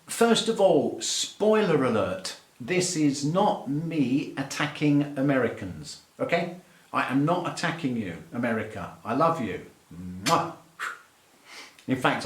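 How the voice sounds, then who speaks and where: A man's voice: medium pitch, reverberant. A middle-aged English man with an English accent, an aviation English teacher giving a playful, mock-exasperated rant to camera. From England. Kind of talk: light-hearted rant to camera.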